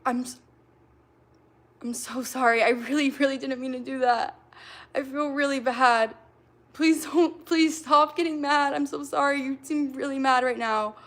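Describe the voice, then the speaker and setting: A woman plays a flustered young woman pleading with a furious friend, her slightly high voice stammering and circling back to "sorry" again and again. There's a gravelly fry at the bottom of her voice. It's improvised scene acting for a livestream. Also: fairly even intonation, unhurried, a bit bright. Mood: pleading apology. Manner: stammering, pleading, repeats apologies.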